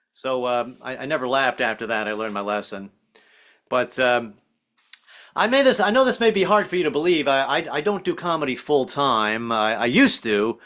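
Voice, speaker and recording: Casting: lively male stand-up comic, bright and animated, quick to act out voices. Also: mid-range voice. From Southern United States family. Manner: animated, acts out voices, self-deprecating. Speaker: stand-up comedian. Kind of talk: stand-up comedy set. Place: online virtual comedy show.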